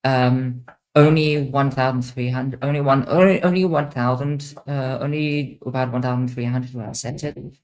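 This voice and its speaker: A woman's voice: a bass voice, fairly even intonation, normal speed, a little mellow. A young woman streamer hosting a casual Q&A, rambling and repeating herself with many fillers. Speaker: streamer host. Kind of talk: casual livestream Q&A.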